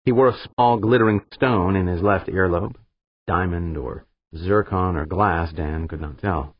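A man narrating an audiobook in a steady, measured reading style. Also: deep voice, husky, no echo. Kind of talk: scripted narration. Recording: slightly dull, dry recording.

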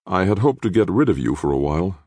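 A man reading an audiobook, voicing an imperious older woman politician with a flat, cold, calculating manner. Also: sits low, fast talker, breathy edge, dry recording, voice pushed up, exaggerated voice. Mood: icy. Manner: icy and flat, coolly calculating. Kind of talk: audiobook character voice.

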